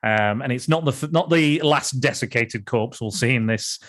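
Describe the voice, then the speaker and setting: A man with a medium-pitched, slightly bright voice, speaking at normal speed, co-hosts a podcast and casually discusses old films, often restarting sentences and chuckling.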